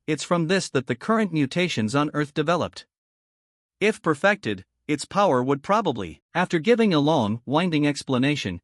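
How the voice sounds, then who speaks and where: A man reading a scripted comic story recap in an even, steady narrating manner. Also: a little high, no echo, clean studio sound.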